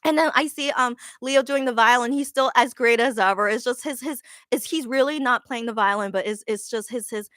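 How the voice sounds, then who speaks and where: A woman's voice: a little high, brisk, few pauses, fairly bright tone, no echo, studio quality. A woman casually recapping a live show she saw, gushing and rambling with lots of fillers and restarts.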